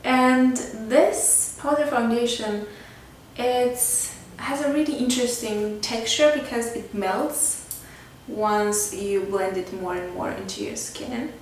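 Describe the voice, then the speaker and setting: A woman's voice: on the high side, takes it slowly. A woman vlogger chatting casually through a makeup tutorial, filling her talk with "like" and "kinda". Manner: chatty, filler-heavy with frequent "like" and "kinda". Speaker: beauty vlogger. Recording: very echoey room, mic at a distance, faint background noise.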